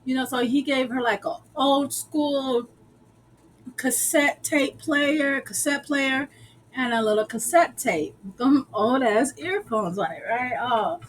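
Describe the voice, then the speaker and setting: A woman's voice: sits high, slow pace, a little hiss or hum, low-quality recording. A woman casually recapping a show episode, chatty and slangy with lots of fillers.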